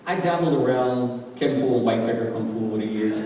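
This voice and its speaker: A man giving an impassioned testimony sermon, moving between loud calls and hushed speech. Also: mid-range voice, brisk, a loud crowd. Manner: impassioned, shifting from shouting to hushed. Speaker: guest speaker. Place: large church hall. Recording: echoey hall from far off.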